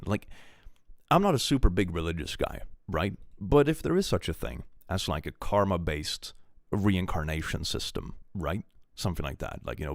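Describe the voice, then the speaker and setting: A man's voice: low-pitched, vocal fry, a little mellow, dry recording, studio quality. A man live-streaming from home, chatting playfully and reacting to his viewers' messages. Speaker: livestreamer. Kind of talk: casual livestream chat.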